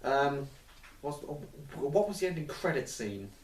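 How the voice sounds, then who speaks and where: A man's voice: on the high side, very animated, unhurried. Man reviewing a film in loose chat, roomy sound, mic set back from him. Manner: rambling, swears casually, acts out quotes. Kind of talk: casual chat. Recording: echoey room, mic at a distance, faint noise.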